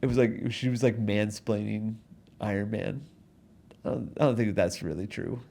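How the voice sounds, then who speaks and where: A man's voice: on the low side, fairly even intonation, normal speed, creaky, mellow. A young man hosting a podcast, telling a story in a casual, rambling way with lots of restarts and chuckles, recorded on a studio mic. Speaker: podcast host. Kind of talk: casual comedic monologue. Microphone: studio mic in front of a backdrop.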